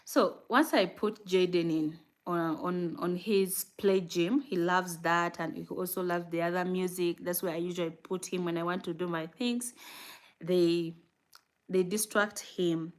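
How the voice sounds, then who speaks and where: A new mother vlogging casually to her viewers, telling stories in an animated way and acting out what she said back then, with fillers and frequent laughs. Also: on the low side, measured pace. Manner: animated storytelling, acting out her own past words. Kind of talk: casual chat answering viewer comments.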